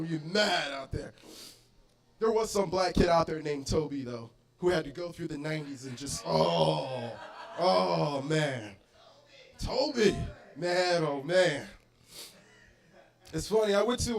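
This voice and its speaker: Young guy doing standup in a bar, kinda high voice, gets loud and animated. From Arizona. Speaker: stand-up comedian. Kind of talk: stand-up comedy set. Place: bar comedy stage.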